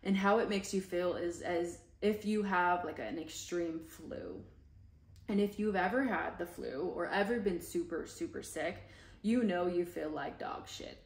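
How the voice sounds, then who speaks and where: A woman's voice: fairly low pitch, a little slow, creaky. Candid woman telling her story, echoey room. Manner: raw and open, heavy on casual fillers. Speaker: podcast host.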